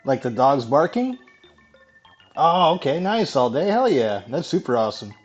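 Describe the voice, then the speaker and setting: A man's voice: a little high, sing-song. Chatty male streamer, dull lo-fi mic. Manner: chatty, casual swearing, quick laughs. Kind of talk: casual live gameplay chat. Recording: dull lo-fi mic with faint music.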